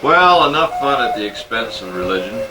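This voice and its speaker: A man's voice: mid-range voice, very animated, brisk, heavy background noise. An older man, a seafarer, telling a joke in a folksy, casual way among friends, repeating "he says" as he goes. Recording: echoey room, distant mic, loud music behind.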